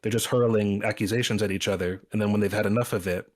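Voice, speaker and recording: A man's voice: lowish voice, fairly even intonation, fast talker. A man co-hosting a podcast in casual chat, rambling with many restarts as he retells scenes. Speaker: podcast co-host.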